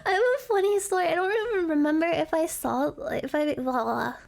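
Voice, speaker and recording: A woman's voice: extremely high pitch, lively intonation, a little slow, gravelly. A woman streamer chatting casually on a live stream, giggly, rambling and apologetic, with bad hiccups.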